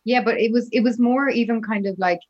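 A woman's voice: fairly high pitch, fairly quick, darkish tone, highs cut off. An Irish woman, a musician guest on an interview podcast, telling her story in a rambling, chatty way. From Ireland. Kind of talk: casual interview chat.

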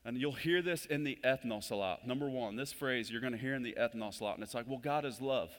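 Male pastor, mid-pitched, casual sermon delivery with emphatic build-ups, long church-hall reverb. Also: fast talker. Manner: conversational, swells louder and higher when stressing a point. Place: church sanctuary.

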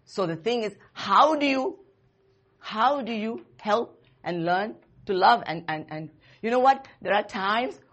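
A woman's voice: medium pitch, animated, a little slow, a bit bright. A woman in her fifties preaching to a young church group in an earnest, conversational way, repeating her key phrases for emphasis. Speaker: church speaker. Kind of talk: sermon to a young congregation.

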